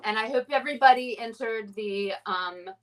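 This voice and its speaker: A woman's voice: on the high side, normal speed, recorded from a distance, slight background noise, rough recording. A woman co-hosting a podcast, chatting casually in a bubbly, giggly, gushing way. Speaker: podcast co-host. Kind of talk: casual chat.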